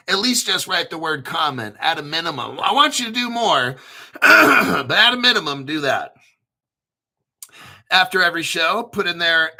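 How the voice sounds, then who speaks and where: Sharp, bright-voiced man ranting on camera. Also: on the high side. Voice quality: frequent throat clearing. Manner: emphatic, repetitive, rambling, profane. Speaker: crypto channel host. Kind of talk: casual video monologue.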